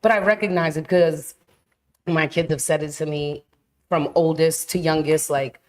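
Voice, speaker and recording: A grandmother and podcast co-host, a loud self-described yeller, chatting casually and animatedly. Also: deep voice, steady tone, moderate pace. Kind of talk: casual chat.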